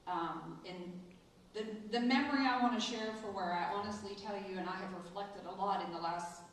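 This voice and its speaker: A middle-aged woman, a school administrator, telling a personal story in a ceremony speech and acting out the quoted lines with lively voices. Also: medium pitch, moderate pace. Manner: storytelling, animated in quoted asides. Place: large echoey hall. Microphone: distant from the mic. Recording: echoey hall, voice from far off.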